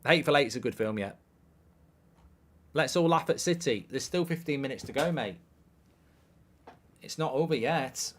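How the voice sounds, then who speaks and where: Hosting a live football watchalong, a man in his thirties chats loosely between bits of play, reading out viewer questions and answering them drily and offhandedly. His mid-pitched voice is animated and fairly bright, at a moderate pace with long pauses.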